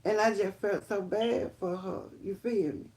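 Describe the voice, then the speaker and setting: On a live stream, a woman host shares her life testimony, rambling and emphatic, slightly slow. She addresses viewers directly as "y'all" and keeps breaking into high, excited exclamations.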